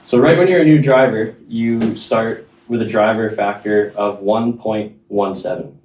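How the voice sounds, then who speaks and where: A man chatting casually on a podcast, laid-back, with quick agreeing interjections and casual swearing. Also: fairly low pitch, darkish tone, a little hiss or hum. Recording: roomy, distant mic.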